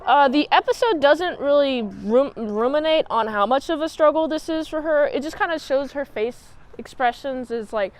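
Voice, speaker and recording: A woman reviewer talks through an episode recap in a high, light voice. She rambles and jokes as she goes. Her energy is animated and playful. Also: moderate pace, few pauses, dry recording. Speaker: show reviewer.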